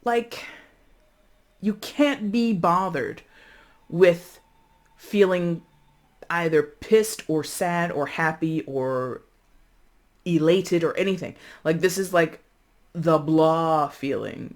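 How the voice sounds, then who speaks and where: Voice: mid-range voice, takes it slowly. A tarot reader giving a casual reading, chatty, who laughs often and keeps checking in with "right?" between playful asides. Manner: playful asides, drops into mock voices.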